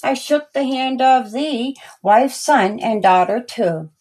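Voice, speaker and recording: A woman reading aloud her own rhyming children's story in a slow, sing-song storytelling manner. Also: fairly high pitch, lively intonation, darkish tone. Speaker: storyteller and author.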